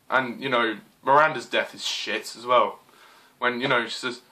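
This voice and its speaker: A man's voice: medium pitch, fairly even intonation, normal speed, sharp tone. A man giving an exasperated, swearing rant as a film reviewer, full of fillers like "you know" and "I mean.".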